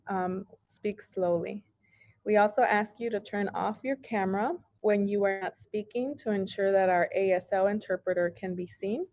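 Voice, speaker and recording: A woman moderating a virtual town hall, giving housekeeping instructions in a relaxed way with some fillers. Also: medium pitch. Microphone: video call. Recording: dry, dull video call audio.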